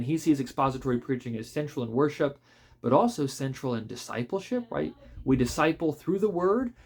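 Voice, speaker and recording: A man, a pastor, reviewing a book in a relaxed spoken way, thoughtful and conversational, with frequent fillers and restarts. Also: mid-range voice, husky.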